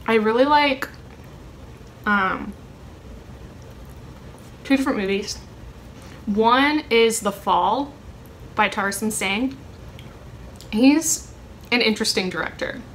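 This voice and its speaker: A young woman answers a question tag for her vlog at home, chatting casually and rambling with many ums. Her slightly high voice moves slowly with frequent pauses, over slight background noise.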